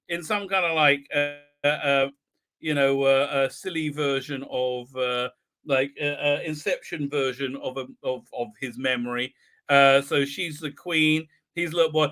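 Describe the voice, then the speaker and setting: A man's voice: fairly high pitch, sharp tone. A man hosting a live stream, recapping an episode in a rambling, sarcastic way with many fillers. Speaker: host.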